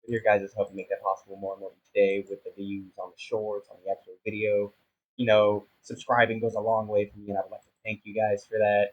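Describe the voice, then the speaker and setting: A man's voice: fairly low pitch, completely flat delivery, fairly quick, a little mellow, muffled recording. A young man giving casual, self-mocking commentary on a sandbox building game, flustered and rambling as he fumbles along. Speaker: gaming YouTuber.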